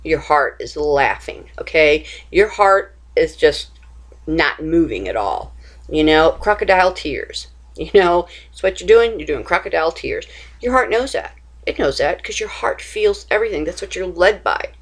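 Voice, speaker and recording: A woman's voice: fairly low pitch, animated, normal speed. A woman speaking informally to camera, giving a religious exhortation with rhetorical questions, repeated phrases and frequent restarts. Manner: restarts and stumbles while searching for words. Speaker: Christian video teacher.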